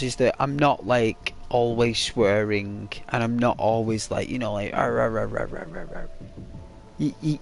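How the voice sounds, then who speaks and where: A man streaming a game and chatting casually to viewers, rambling with lots of fillers. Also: mid-range voice. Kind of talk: casual live-stream chat.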